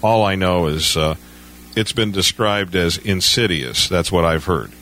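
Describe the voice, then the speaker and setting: A man with a fairly low voice talks casually as a guest on a radio show. He tells his stories in a loose, conversational way. He often stammers at the start of a sentence and leans on "you know". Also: measured pace, fairly bright tone, a little hiss or hum.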